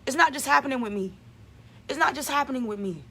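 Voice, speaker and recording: A woman's voice: high voice, animated, fast talker, pushed and bright. A woman giving an emphatic, repetitive spiritual vlog monologue as a channeler.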